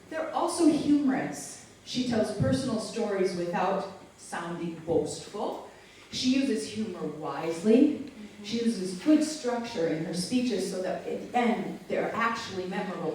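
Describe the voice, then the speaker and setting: Animated woman speaking in an echoey hall. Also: mid-range voice, a little hiss or hum. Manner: animated, playful, chats with the audience. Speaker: keynote speaker. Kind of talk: live keynote speech. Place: large hall with an audience. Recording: echoey hall, mic far off.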